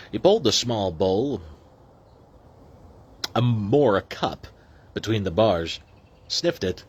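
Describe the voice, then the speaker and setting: A man casually reading a novel aloud, who breaks off into excited asides. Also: lowish voice, slightly rough. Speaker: reader.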